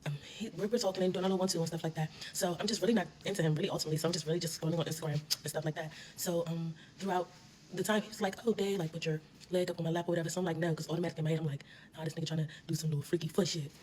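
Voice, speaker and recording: A woman tells a casual storytime at a rapid clip, animated and full of slang and swearing. Her voice sits a little low. There is faint noise behind her. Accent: US Southern. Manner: animated, swearing, laughing while telling.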